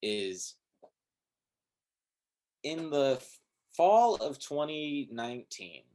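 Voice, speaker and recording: A man as a guest musician in a casual chat, telling stories in a rambling, self-deprecating, hesitant way. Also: mid-range voice.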